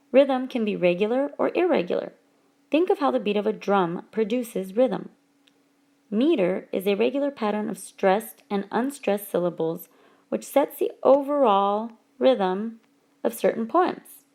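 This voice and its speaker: A woman teacher talks through a whiteboard lesson at a careful, deliberate pace, drawing out the example words for her students. Her voice sits in a middle pitch with a gravelly, fry-tinged texture. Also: darkish tone. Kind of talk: recorded classroom lesson. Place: voice-over for whiteboard slides.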